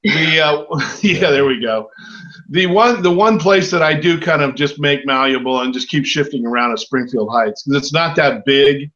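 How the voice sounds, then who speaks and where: A man's voice: mid-range voice, normal speed, a bit bright. A man in his sixties chatting casually as a podcast host, rambling and self-mocking. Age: 60s. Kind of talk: casual chat. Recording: dull lo-fi sound.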